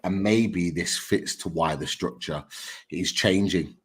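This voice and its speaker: A man's voice: low-pitched, takes it slowly, husky. A man hosting a casual football podcast, chatty and enthusiastic with lots of fillers. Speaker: podcast host.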